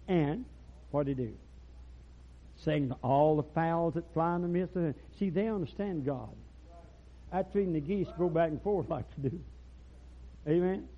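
An older man preaching a rural revival sermon, telling folksy stories and breaking into loud preaching bursts. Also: on the high side. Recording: dull lo-fi church recording.

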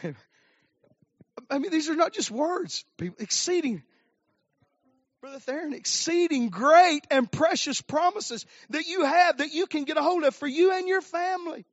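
A man preaching a sermon. His delivery swings from low murmurs to shouted climaxes with "uh" fillers. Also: animated, measured pace, dry recording. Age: 50s. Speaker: pastor. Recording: dry, dull lo-fi recording.

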